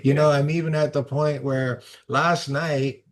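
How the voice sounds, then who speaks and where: A man hosting a casual group video call, easygoing and quick to laugh. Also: fairly high pitch, flat delivery.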